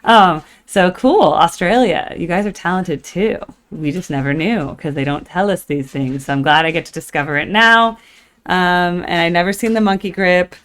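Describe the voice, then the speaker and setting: Casting: American woman host, low smooth voice, rambling and chatty, filler-heavy casual talk. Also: moderate pace, a bit bright. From United States. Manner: sings snatches of songs. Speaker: reaction video host. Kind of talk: casual chat. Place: at home in the morning.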